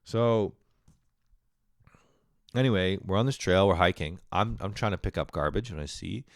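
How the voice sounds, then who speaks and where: Deep-voiced man telling a rambling story. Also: expressive, normal speed, gravelly, no room sound, clean studio sound. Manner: rambling, profane, self-mocking. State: sore throat. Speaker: podcast host. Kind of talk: casual comedic storytelling monologue.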